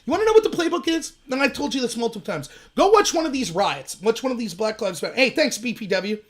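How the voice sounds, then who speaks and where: A fast, animated man delivers a solo political livestream, ranting hard and dripping with sarcasm. He mocks the other side in shrill, high voices and takes time to read out and answer messages from the live chat.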